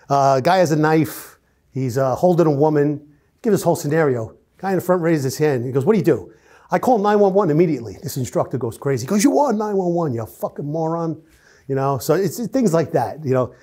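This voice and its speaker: A man's voice: mid-range voice, dark tone, breathy edge. A middle-aged man with a New York accent, a retired police officer, bluntly telling stories in an interview and acting out the dialogue. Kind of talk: casual storytelling interview.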